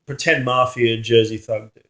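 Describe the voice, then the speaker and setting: A man's voice: mid-range voice, steady tone, normal speed, a bit bright. A man with an Australian accent in casual chat, telling stories in a dry way. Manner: dry, storytelling. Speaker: co-host.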